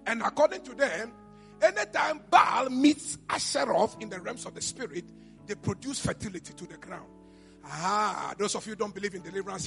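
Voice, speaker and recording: A man with a Ghanaian accent, a pastor preaching a sermon, rising to high shouts and falling to quiet murmurs. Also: creaky. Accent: Ghanaian English. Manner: preaching, shouts to a high pitch then drops to a low murmur. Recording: reverberant church hall with music behind.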